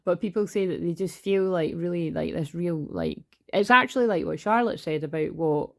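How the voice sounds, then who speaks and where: Woman, forties, low gravelly voice, rambling casual spiritual chat with swearing. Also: lively intonation, normal speed, fairly bright tone. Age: 40s. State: tearful at moments. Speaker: tarot reader. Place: her bedroom.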